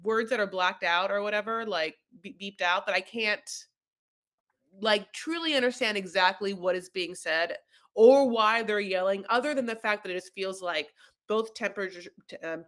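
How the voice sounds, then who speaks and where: Animated, bright-voiced woman recapping a show. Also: medium pitch, moderate pace. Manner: animated storyteller, acts out the quotes. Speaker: podcast co-host. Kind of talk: casual reality-TV recap.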